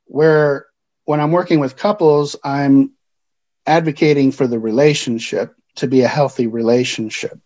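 A man working as a counselor, explaining things in a calm, measured way during a podcast interview. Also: mid-range voice, muffled recording.

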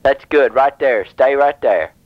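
A man playing a fussy prank caller with sensitive ears, insisting in a deadpan tone on a radio crank call. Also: mid-range voice, a little slow, dry recording, lo-fi sound, close to an everyday voice. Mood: insistent.

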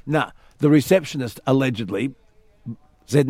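An Australian man hosting a talk radio show, telling a story with lively acted quotes in a studio. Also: mid-range voice, measured pace, no echo. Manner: animated storyteller, acts out quotes. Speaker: radio host.

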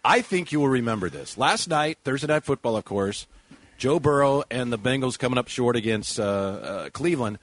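A man hosting sports radio, joking and animated, quick to slip into voices and accents. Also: mid-range voice, no room sound.

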